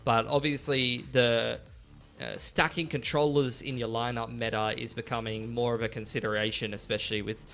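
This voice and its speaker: A man's voice: medium pitch, little pitch movement, moderate pace, creaky, fairly bright tone, faint music behind. A man casting esports, giving pre-match commentary in a rambling style full of fillers. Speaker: esports caster.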